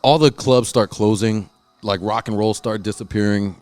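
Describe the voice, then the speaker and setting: A man's voice: lowish voice, steady tone, moderate pace, darkish tone, dry recording. A man telling stories in a casual chat, rambling and swearing, often doing other people's voices. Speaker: podcast host and musician.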